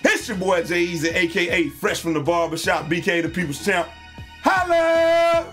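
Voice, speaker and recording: A man hosting a video channel, giving hyped, slangy commentary over basketball highlights and shouting out the big plays. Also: brisk, soft background music. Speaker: YouTube host and streamer.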